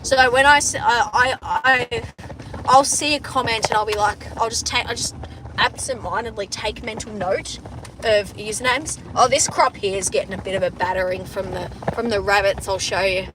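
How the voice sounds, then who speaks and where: Sitting in a car on a farm, a young Australian woman chats casually with her livestream viewers through her phone's front camera, cursing frequently and starting sentences over. Her mid-range voice is steady at a normal speed, with background noise.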